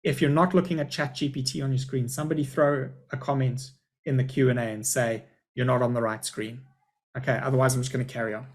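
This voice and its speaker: A man's voice: mid-range voice, fairly even intonation, quick pace. A middle-aged man, a school principal, giving a chatty, upbeat live webinar presentation over a video call.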